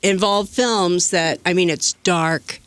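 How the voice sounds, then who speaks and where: A woman's voice: lowish voice, fairly even intonation, slow pace, fairly bright tone, smooth, no room sound. An enthusiastic woman chef, chatting on the radio about her menu. Her voice is dry and close, with no room sound around it. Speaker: chef guest. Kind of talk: casual radio interview.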